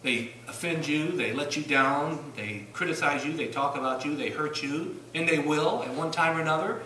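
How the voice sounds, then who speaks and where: A man preaching a sermon in a church, asking rhetorical questions, rising to loud bursts and dropping low. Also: normal speed, a little hiss or hum. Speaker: pastor. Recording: echoey church room from a distance.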